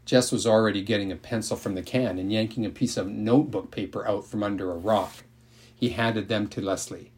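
A man narrating a novel aloud in a calm, measured storytelling manner. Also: fairly low pitch, husky. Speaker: audiobook narrator.

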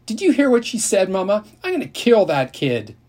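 Guy doing a bratty teen girl, high whiny husky voice, storybook reading. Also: sing-song, fairly quick, darkish tone, full character voice. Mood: outraged. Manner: shrill, complaining. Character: loud whiny teenage girl, bossy and vain.

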